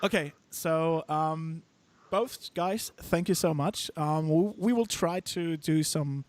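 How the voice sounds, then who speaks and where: Higher-voiced man hosting a live stream. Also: slow, dry recording. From Germany. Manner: laughs often, stumbles and restarts. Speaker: host. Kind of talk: casual live-stream chat.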